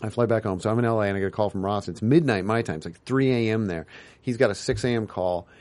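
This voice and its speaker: A man's voice: fairly low pitch, fast talker, a little mellow. A man guest in a casual interview, telling rambling anecdotes full of tangents and acted-out quotes. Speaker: guest, TV writer and producer.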